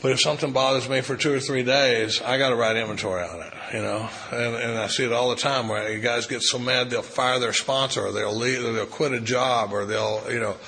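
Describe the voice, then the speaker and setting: A middle-aged man speaks at a recovery retreat with a bright, forceful voice at an ordinary pitch. He is an animated storyteller who acts out conversations and often restarts his sentences. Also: brisk, hardly any pauses, poor audio. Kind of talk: recovery meeting talk, storytelling. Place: retreat meeting room.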